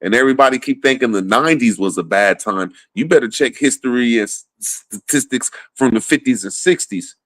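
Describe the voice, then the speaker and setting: A man's voice: mid-range voice, brisk, hardly any pauses, fairly bright tone, no echo. Profane rambling man, close dry sound. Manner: profane, rambling, laughs often. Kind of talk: casual political rant.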